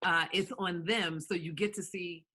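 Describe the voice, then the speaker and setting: A woman voice actor answering interview questions. Her voice is bright and animated, and she keeps slipping into character voices as she talks. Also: lowish voice, normal speed, breathy edge. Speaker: voice actor guest. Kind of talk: interview chat.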